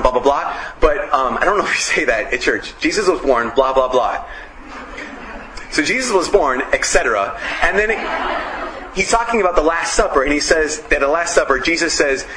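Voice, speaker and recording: A man preaching a casual, story-filled sermon, animated and emphatic with punchy repetition. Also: a little high, echoey room, a little hiss or hum, poor audio.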